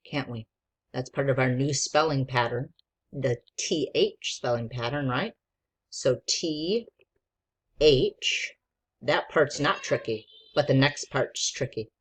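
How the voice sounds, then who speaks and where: A woman's voice: very deep voice, slightly rough. A woman teacher giving a patient, encouraging spelling lesson to young children and sounding out letters.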